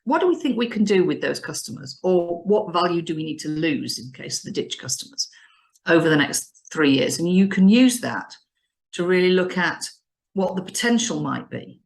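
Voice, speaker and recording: A woman business advisor explaining customer strategy in an animated, emphatic way, often restarting her phrases. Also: fairly low pitch, normal speed, gravelly. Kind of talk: business advice discussion.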